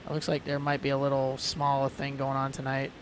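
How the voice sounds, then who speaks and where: A man's voice: mid-range voice, completely flat delivery, fairly quick, slight background noise. A man streaming a flight sim, chatting casually with lots of fillers and rambling asides. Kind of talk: casual chat.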